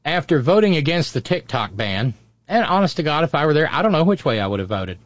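A man's voice: fairly high pitch, big pitch swings, quick pace, no echo. A man hosting a political talk show, delivering sarcastic, mocking commentary. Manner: mocking, sneering, does mocking impressions. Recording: dry, dull lo-fi audio.

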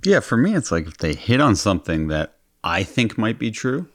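A man's voice: fairly low pitch, big pitch swings, normal speed, a bit bright, dry recording, studio quality. A man co-hosting a podcast, talking in casual, wry joking banter. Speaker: podcast co-host. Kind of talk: casual chat.

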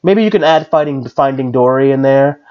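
A man's voice: mid-range voice, fairly quick, smooth, muffled recording. A man hosting a podcast in casual chat, rambling with many fillers and restarts. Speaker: podcast host.

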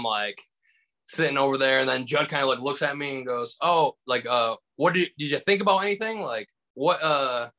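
A man from Michigan, a comedian, telling a story in casual conversation with lively acted-out voices and lots of fillers. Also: medium pitch. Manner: animated, acts out voices in anecdotes, many fillers. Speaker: stand-up comedian guest.

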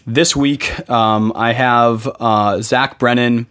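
A man's voice: mid-range voice, steady tone, takes it slowly, a bit bright, clear, resonant tone. A man hosting a casual podcast, talking in a laid-back way and saying "like" and "dude" a lot. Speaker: podcast host.

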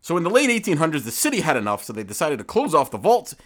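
A male podcast co-host who tells stories in a loose, joking way. His pitch swings widely as he reads through his notes. It is casual chat between friends. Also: huge pitch swings, rapid-fire, fairly bright tone. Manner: jokey storytelling, reads from notes.

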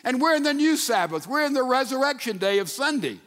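A man preaching a sermon, telling stories and dropping from loud emphasis to a hushed near-whisper. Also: extremely high pitch, sing-song, brisk, long reverb tail. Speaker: pastor.

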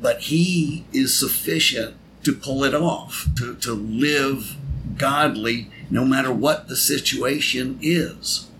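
A man's voice: medium pitch, slow pace, fairly bright tone, a little hiss or hum, low-quality recording. A man taking part in a conversational Bible teaching, speaking earnestly and affirming the points from his own experience. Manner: earnest, affirming, personal testimony.

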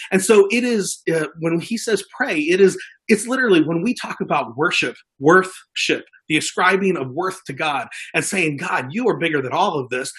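A man's voice: fairly high pitch, a bit bright, slightly rough. A man preaching a sermon as a pastor, earnest, often repeating words as he builds his points.

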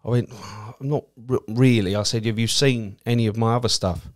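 A man's voice: mid-range voice, a little fast. A man with an Essex accent, a cab driver and comedian, telling anecdotes in casual chat and swearing freely. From Essex, England. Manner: swears freely, acts out quoted people in a lively way.

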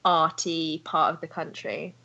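A woman's voice: low voice, unhurried, gravelly, sharp tone, lo-fi sound. A British woman chatting as a podcast guest, bubbly and full of "like.". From England. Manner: bubbly, fillers like "like". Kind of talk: casual chat.

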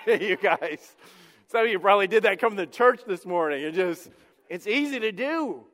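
Preaching from the stage of a church sanctuary, a middle-aged male pastor delivers a sermon in a high, smooth, resonant voice with a fairly bright tone and lively intonation. His storytelling is chatty and self-deprecating, full of quick restarts, and a long hall echo follows his words.

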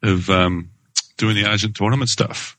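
Use a halting, bright male podcast voice. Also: fairly low pitch, fairly even intonation, no echo. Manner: hesitant, halting restarts. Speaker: podcast co-host. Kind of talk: casual podcast chat.

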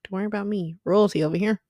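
A woman's voice: medium pitch, expressive, moderate pace, no room sound, studio quality. A young woman hosting a casual Bible study podcast, talking in an emphatic, conversational way with slangy asides. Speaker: podcast host.

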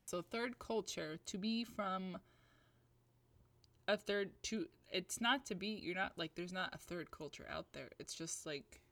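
A woman's voice: fairly low pitch, fairly bright tone, a little hiss or hum. A woman hosting a podcast, opening the episode and explaining an idea in a thoughtful, conversational way. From Libya. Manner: fast, upbeat intro, then thoughtful explaining. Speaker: podcast host. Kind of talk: podcast intro and discussion.

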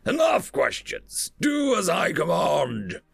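A man voicing a pompous, hot-tempered male alien priest who barks raspy commands. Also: on the high side, sing-song, a little slow, no room sound, soft background music, pitched above the performer's own voice, heavily acted. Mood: furious. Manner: shouting, commanding.

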